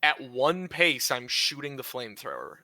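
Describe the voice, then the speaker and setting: A man's voice: mid-range voice, very animated, moderate pace, pushed and bright, no echo, clean studio sound. A man playing a tabletop game, thinking aloud and restarting his sentences as he plans his move. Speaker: player. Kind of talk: casual tabletop game play.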